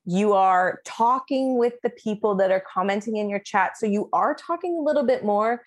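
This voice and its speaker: A woman's voice: mid-range voice, moderate pace. A woman who works as a DJ, chatting as a podcast guest and acting out quotes with plenty of laughter. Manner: animated, acts out quotes, laughs often. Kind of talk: casual podcast chat.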